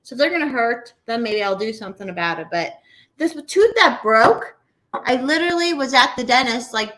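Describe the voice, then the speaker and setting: Woman, thirties, bright forceful voice, a bit high, blunt profane rant, casual podcast chat. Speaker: podcast co-host.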